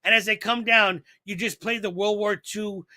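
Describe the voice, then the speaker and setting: A podcast co-host tells stories with lots of animation, doing voices for the characters in a casual, comedic chat. His voice sits high, his pace is moderate, and there's no room sound.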